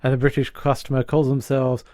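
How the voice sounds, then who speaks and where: A man co-hosting a podcast, talking through a sitcom plot in a loose, chatty way. He keeps breaking into quick impressions of the characters. His voice sits in a middle register and sounds dry and close to the mic. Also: mid-range voice, flat delivery, darkish tone, no echo. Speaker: podcast co-host. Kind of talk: casual chat recapping a sitcom episode.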